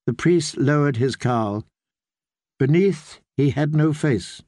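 A man narrating an audiobook in a measured storytelling manner. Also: a little high, darkish tone, no echo, clean studio sound. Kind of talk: scripted narration.

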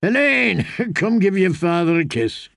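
A man playing a sly, smooth-talking middle-aged lord who speaks with a knowing, silky manner. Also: high-pitched, animated, a little slow, fairly bright tone, dry recording, clean studio sound, pitched above the performer's own voice, full character voice.

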